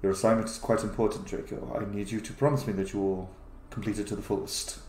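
A man's voice: medium pitch, normal speed, a little hiss or hum, close to an everyday voice. A man voicing a jovial, teasing male paladin commander who turns stern, in a roomy recording. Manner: dry teasing, then stern and quiet. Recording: roomy echo.

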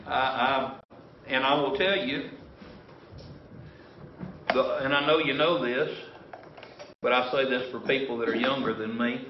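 In a church sanctuary, a man preaches as pastor in a folksy, wandering style with many restarts. He uses a mid-range voice and fairly even intonation, speaking at a measured pace with long pauses over slight background noise. The church recording comes across roomy, distant, and dull.

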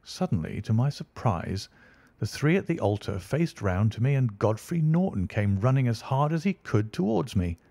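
A man narrating an audiobook in a measured storytelling delivery. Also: medium pitch, sing-song, vocal fry, warm tone, dry recording.

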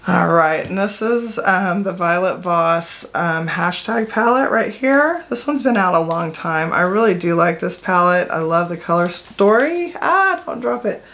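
Speaking at a measured pace with few pauses, a beauty vlogger describes her makeup collection to camera. She's middle-aged, with a lowish, slightly bright voice, and her chat wanders with fillers and self-corrections.

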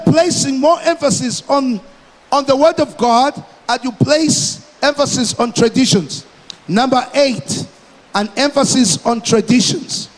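A man from Malawi preaching a sermon as pastor, emphatic and deliberate, repeating his phrases for effect. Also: extremely high pitch, long reverb tail.

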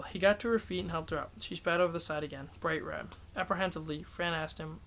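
A man reads a novel aloud in a steady, unhurried way, correcting himself now and then. His voice is a little higher than most men's. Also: slight background noise. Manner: steady, self-correcting reading. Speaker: audiobook reader. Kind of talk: novel reading.

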